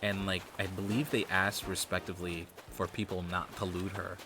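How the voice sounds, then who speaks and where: A man's voice: low voice, level tone, moderate pace, sharp tone, a little hiss or hum. A man streaming a video game, chatting casually in a rambling, profane, joking way. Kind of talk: casual gaming stream chat. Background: game music.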